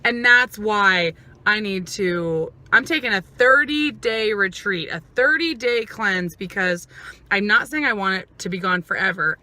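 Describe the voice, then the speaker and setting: Very bright-voiced woman vlogger. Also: medium pitch, a little slow. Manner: emotional and expressive, acts out what others said. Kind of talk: casual vlog monologue.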